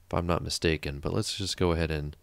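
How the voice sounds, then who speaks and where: A man's voice: rumbling low, steady tone, fast talker, vocal fry, clean tone, dry recording. A man hosting a let's play, chatting casually and thinking aloud as he builds, sometimes muttering under his breath. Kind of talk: casual gameplay commentary.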